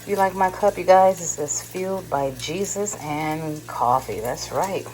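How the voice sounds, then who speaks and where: A vlogger, a middle-aged woman from California, speaks a little slowly in a darkish, low voice. The recording is rough, with car noise in the background, as she rambles to her viewers from her car and later her home kitchen, laughing at herself.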